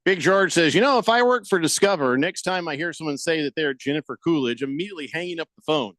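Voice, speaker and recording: A man hosting a radio talk show, out of breath, telling a story in a lively way and laughing often, in a studio. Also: on the high side, fast, no echo. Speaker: radio sports talk host. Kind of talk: casual radio chat. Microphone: studio microphone.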